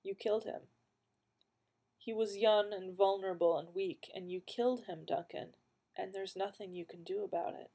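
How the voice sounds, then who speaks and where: A woman reading the part of a calm, wry male companion in an audiobook, speaking in a dry, teasing and firm way. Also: mid-range voice, normal speed, creaky.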